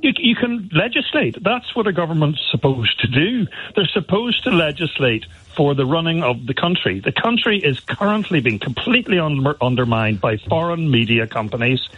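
Male caller, indignant, insistent, slightly high voice, tinny phone line. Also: lively intonation, moderate pace, hardly any pauses, slightly rough, no echo. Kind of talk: phone-in call.

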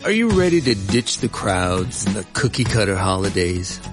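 A man's voice: deep voice, sing-song, normal speed, music in the background. A man reading a scripted radio advert in a folksy, salesy manner. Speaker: advert voice-over.

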